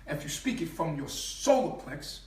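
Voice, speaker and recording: A man delivers an impassioned spiritual teaching in slangy street talk, emphatic and repeating and stretching sounds to drive his point home. His voice is fairly high, very animated, at a normal speed. The room is echoey, with the mic placed at a distance.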